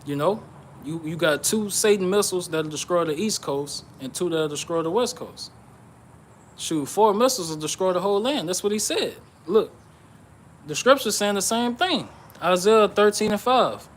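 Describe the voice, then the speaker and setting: Man preaching bible prophecy, fairly high voice. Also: expressive, slight background noise. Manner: reads scripture aloud and explains it, checking with "okay?" and "all right?"; pauses with "uh" and restarts. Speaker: bible teacher. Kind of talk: informal sermon on prophecy.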